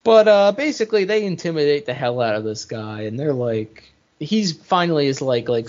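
A man co-hosting a podcast, casually recapping a movie and acting out its lines in an animated way. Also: medium pitch, normal speed, hardly any pauses. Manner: animated, retells scenes with quoted lines and laughs. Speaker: podcast co-host. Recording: muffled lo-fi audio.

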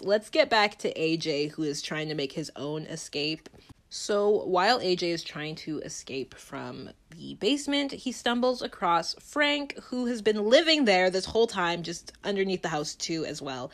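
A young woman giving a chatty, dramatic movie recap and laughing often. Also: fairly low pitch.

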